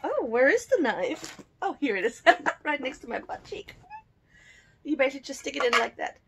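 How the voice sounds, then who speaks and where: A woman's voice: sits high, sing-song, moderate pace, background noise. A woman from Germany chatting casually as she unboxes a subscription box at home, cooing over the cute items and giggling often. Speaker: unboxing vlogger.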